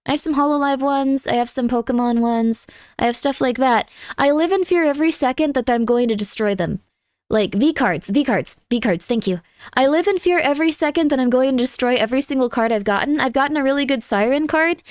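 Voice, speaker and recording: Her high voice is smooth and fairly quick, captured in a dry, studio-quality recording. Chatting casually as a livestreamer, she reads out viewer messages in a rambling, scattered way, often interrupting herself mid-sentence.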